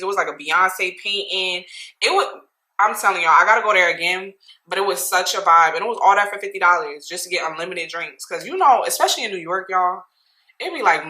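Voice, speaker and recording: A young woman from New Jersey telling a casual storytime, chatty and animated, laughing often and talking to viewers directly. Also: lowish voice, reverberant, low-quality recording. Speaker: vlogger.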